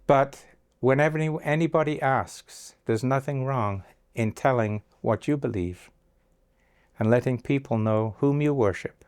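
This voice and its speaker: An older man recounts anecdotes in an interview, slipping into the voices of the people he quotes. His pitch sits in the middle for a man. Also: a little slow, darkish tone, clear, resonant tone. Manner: anecdotal, acts out quoted dialogue. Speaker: interviewee, agency founder. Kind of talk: storytelling interview.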